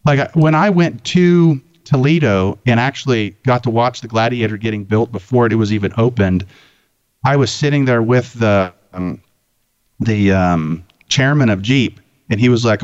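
A man spins a casual, profane anecdote in an animated, rambling way. His voice sits mid-pitch, and the recording is dry and slightly dull. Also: a little fast, no echo. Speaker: guest, Jeep owner. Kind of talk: casual storytelling chat.

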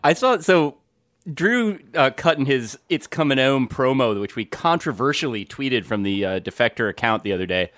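A man's voice: medium pitch, animated, moderate pace, a bit bright, no echo. A man co-hosting a comedic podcast, trading dry, wry jokes. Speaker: podcast co-host. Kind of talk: comedic chat.

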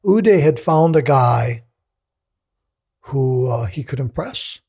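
Older man with a gravelly voice, telling animated stories. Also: mid-range voice, slow pace. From United States. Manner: animated storyteller, acts out voices, gets emotional. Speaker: hypnotist, interviewee. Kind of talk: emotional storytelling interview.

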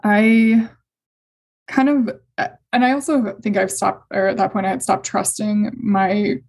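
A young adult woman telling a personal story in conversation, hesitant and emotional, with many fillers and soft laughs. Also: medium pitch, level tone, unhurried, slightly rough. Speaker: guest sharing fertility story.

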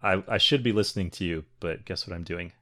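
A man from the US Midwest co-hosting a podcast, chatting casually with dry, deadpan humor. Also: low-pitched, fast talker, no echo. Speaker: podcast co-host.

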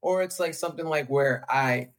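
Upbeat comedian guest, loose delivery. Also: male voice, fairly high pitch, moderate pace. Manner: upbeat, loose, repeats himself while thinking. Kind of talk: casual comedic chat.

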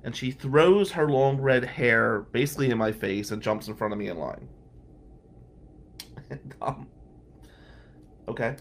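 A man shares a personal story in a candid, wry way, breaking into short laughs between lines. His voice has a gravelly, rough texture and an average pitch. A faint background hiss sits under the recording. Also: measured pace, long pauses. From New Jersey. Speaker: podcast host and lawyer.

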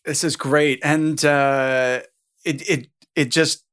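A man's voice: on the high side, flat delivery, slow pace, fairly bright tone, smooth. A man hosting a podcast interview, giving short encouraging replies. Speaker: podcast host. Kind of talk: interview chat.

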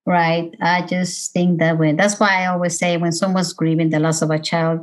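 A middle-aged woman, a bereaved mother, giving a halting, emotional personal testimony full of fillers and restarts. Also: on the low side, flat delivery, poor audio. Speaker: bereaved mother speaking about road safety.

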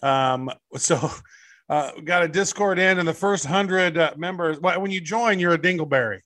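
A man's voice: on the high side, normal speed, a bit bright, dry recording. A man co-hosting a podcast in casual chat, rambling and laid-back with crude humor. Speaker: podcast co-host.

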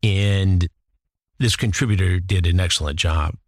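A man's voice: low voice, unhurried, dry recording, studio quality. A man hosting a commentary show, retelling a case in an indignant, worked-up way. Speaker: host. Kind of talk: commentary podcast.

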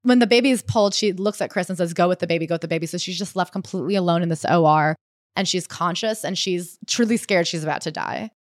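A woman co-hosting a casual podcast, retelling a memoir with animated storytelling and reading quoted passages aloud. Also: fairly low pitch, fast talker, dry recording, studio quality. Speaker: podcast co-host.

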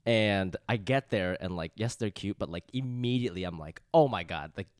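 Low-voiced man telling a rambling story. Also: normal speed, dry recording, studio quality. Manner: rambling storyteller with many fillers, swings into loud mimicry. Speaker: stand-up comedian. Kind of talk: casual podcast chat.

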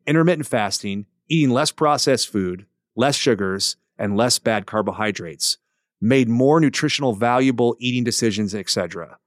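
A man hosting a podcast, reading a listener letter aloud with relaxed, joking asides. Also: medium pitch, dry recording, studio quality. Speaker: podcast host.

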